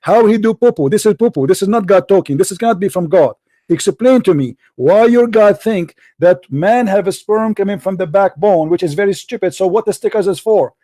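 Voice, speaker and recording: A man's voice: sits high, fairly quick, mellow. A male debate show host in a heated call-in debate, mocking and combative, repeating his questions and talking over the caller.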